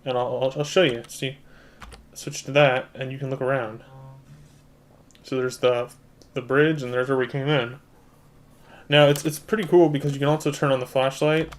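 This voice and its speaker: A man's voice: medium pitch, steady tone, moderate pace, pauses often. Chatty man narrating a computer game. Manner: chatty, explains controls, talks to viewers as guys. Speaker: gaming channel host. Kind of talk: casual let's-play commentary.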